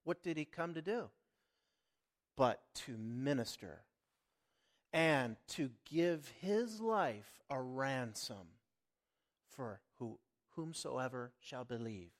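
A man's voice: medium pitch, big pitch swings, takes it slowly. A middle-aged man preaching a sermon, earnest and emphatic, with sudden swells and drops in volume. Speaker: lay preacher.

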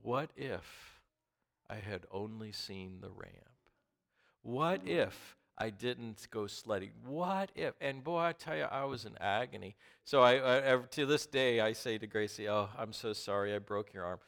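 A man preaching a sermon who is also an ER doctor. He swings between hushed asides and loud, emphatic bursts. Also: mid-range voice, expressive, unhurried, gravelly.

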